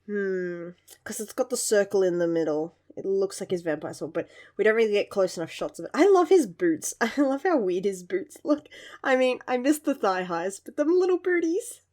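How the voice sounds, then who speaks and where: A young woman reviewing a manga chapter in casual chat, gushing and giggling often, with lively asides. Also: medium pitch, normal speed.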